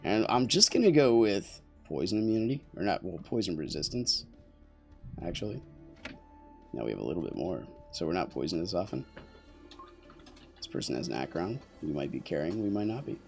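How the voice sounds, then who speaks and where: Young guy streaming, low gravelly voice, rambly jokey chatter, swings up and down a lot. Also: big pitch swings, a little fast, pauses often, darkish tone, soft background music. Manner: rambling, jokey, talks to chat and teammates. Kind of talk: casual gameplay commentary.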